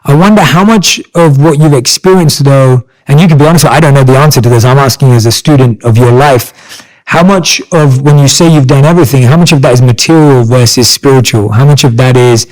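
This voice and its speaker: A man's voice: mid-range voice, a little fast, low-quality recording. A man in his thirties hosting a podcast interview, earnest and encouraging, with frequent affirmations. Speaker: podcast host. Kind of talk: conversational interview.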